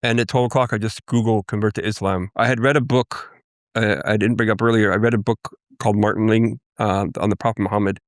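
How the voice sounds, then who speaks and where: A man from Canada, a Cree guest, earnestly recounting his life in a halting interview testimony. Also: on the low side, steady tone, dry recording, studio quality. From Canada, First Nations Cree. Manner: earnest, halting storytelling with restarts.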